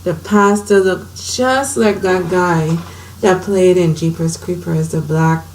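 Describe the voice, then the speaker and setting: Creaky-voiced woman telling her story. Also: fairly low pitch, slow pace, darkish tone, a little hiss or hum, rough recording. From Saint Croix, US Virgin Islands. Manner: candid, conversational, emotional retelling. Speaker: vlogger. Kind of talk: personal storytelling. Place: her home.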